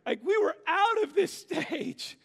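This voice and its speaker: A man in his thirties, a pastor preaching a sermon in a church, earnest and storytelling, moving between loud and hushed. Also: extremely high pitch, big pitch swings, slow pace, creaky. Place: church sanctuary. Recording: long hall reverb.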